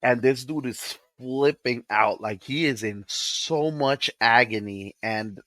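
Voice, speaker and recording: A man reviewing a film in a relaxed podcast chat, voice at a middle pitch. He talks excitedly and jumps into scenes as he retells them. The sound is dry and close, with no room echo. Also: takes it slowly. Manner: excitable, retells scenes with acted quotes and laughter. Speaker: podcast co-host. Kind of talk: casual movie review chat.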